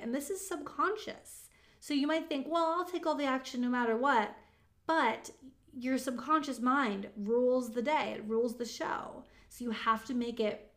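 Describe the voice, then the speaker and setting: Chatty woman with a higher voice. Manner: chatty, emphatic, many "like" fillers. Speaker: motivational speaker on manifesting. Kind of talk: casual motivational talk.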